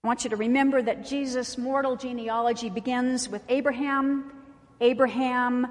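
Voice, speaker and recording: A woman's voice: a little high, fairly even intonation, normal speed. A woman pastor preaching a sermon in a conversational way, with wry asides. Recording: reverberant church sanctuary.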